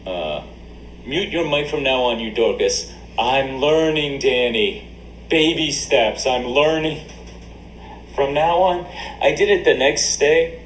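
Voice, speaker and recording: A man's voice: medium pitch, slow, echoey room, slight background noise, low-quality recording. A man livestreaming and reading chat aloud, joking crudely and laughing often into a desk mic. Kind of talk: casual stream banter. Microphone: desk USB mic.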